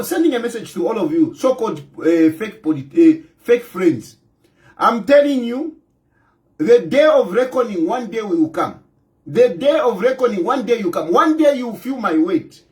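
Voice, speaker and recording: A fired-up Zambian man with a Zambian accent speaks straight to his listeners about politics. His voice sits high for a man and swings widely, and he repeats each point for force. He slips Bemba phrases in among the English. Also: very animated, normal speed. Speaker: political commentator. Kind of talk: impassioned direct-to-camera address.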